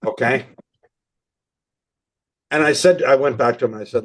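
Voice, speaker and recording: Older man telling lively stories. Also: mid-range voice, moderate pace, pauses often. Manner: animated anecdotes with quoted dialogue. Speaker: marketing consultant guest. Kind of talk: storytelling in a podcast interview.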